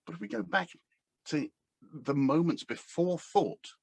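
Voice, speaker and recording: Husky-voiced man musing aloud. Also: a little high, lively intonation, a little slow, no echo. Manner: rambling and hesitant, with many fillers and restarts. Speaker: coach. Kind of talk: casual talk to camera. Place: indoors at a table. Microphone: camera standing on the table.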